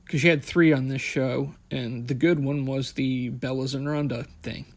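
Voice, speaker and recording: A man's voice: medium pitch, fairly even intonation, moderate pace. A young man hosting a podcast, recapping wrestling in a blunt, sarcastic, profane way. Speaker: podcast host.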